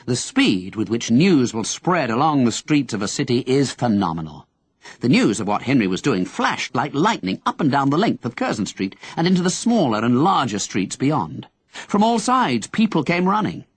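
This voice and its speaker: A man narrating an audiobook in an expressive storytelling manner. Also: mid-range voice, moderate pace, breathy edge, no echo. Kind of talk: scripted narration.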